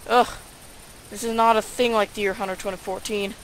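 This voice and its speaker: A woman's voice: mid-range voice, fairly even intonation, normal speed, a little hiss or hum, poor audio. A woman giving casual, sarcastic let's-play commentary, grumbling and talking to herself as she plays. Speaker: gaming YouTuber.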